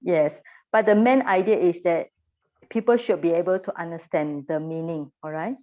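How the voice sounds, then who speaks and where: Woman, teacher, patient, repeats sounds, slightly low voice, dull lo-fi recording. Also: moderate pace, warm tone. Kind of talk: classroom pronunciation lesson.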